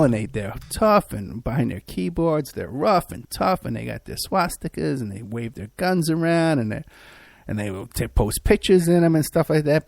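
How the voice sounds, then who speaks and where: A man's voice: mid-range voice, vocal fry, no room sound. A man hosting a podcast who also works as a private investigator. He talks in a rambling, sarcastic way, with many fillers and restarts. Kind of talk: casual mocking commentary.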